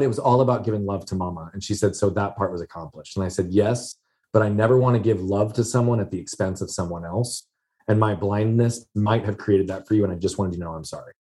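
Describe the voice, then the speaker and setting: A man's voice: lowish voice, a little mellow. A man telling a personal story in a conversation, earnest and emphatic, repeating key phrases for weight.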